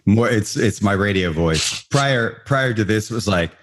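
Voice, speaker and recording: Husky-voiced male podcast host. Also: on the low side, a little slow. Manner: relaxed, self-deprecating, rambling with restarts. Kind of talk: casual podcast chat.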